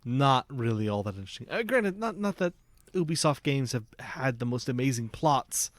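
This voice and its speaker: A man's voice: medium pitch, sing-song, moderate pace, dry recording. A man co-hosting a podcast in casual chat, easygoing and asking questions. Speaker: podcast co-host.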